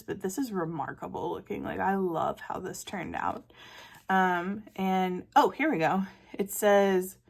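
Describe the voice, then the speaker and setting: A woman's voice: mid-range voice, gravelly. A woman hosting a casual art video, narrating artwork she received and gushing over it with frequent fillers and small laughs. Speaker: art channel host. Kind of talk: casual show-and-tell narration.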